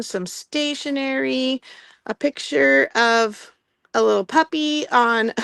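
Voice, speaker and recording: A woman with a fairly high, slightly bright voice hosts a live online sale, chatting casually about vintage items. She laughs often between filler words, and the recording is clean with no room sound.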